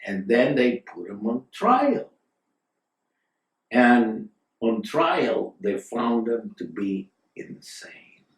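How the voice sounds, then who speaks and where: A man telling a long story at a very slow, unhurried pace, wandering into asides and filling gaps with "uh." His voice sits at a middling pitch and is picked up from across a room, with a noticeable echo. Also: very animated. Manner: rambling, digressive, with fillers and asides. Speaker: storyteller, guest. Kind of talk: casual spoken storytelling. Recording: roomy sound from a distant mic.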